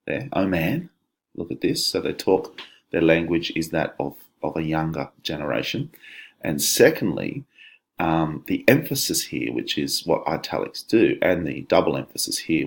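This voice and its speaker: Low-voiced male teacher. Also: vocal fry. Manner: conversational, explanatory, many fillers and restarts. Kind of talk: exam walkthrough lesson.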